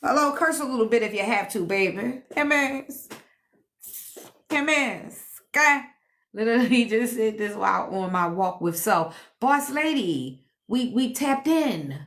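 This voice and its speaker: On a casual home live stream, a woman who calls herself a healer and teacher reads comments and banters with viewers in a sassy, playful way, laughing often. Her voice is fairly high and a bit bright, at a moderate pace.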